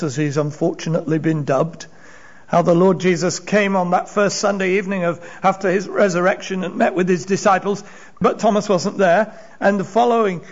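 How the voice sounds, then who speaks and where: A man's voice: high-pitched, highs cut off. A man preaching a sermon, retelling Bible stories with emphasis and acted-out voices. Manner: storytelling, acting out voices, rising and falling emphasis.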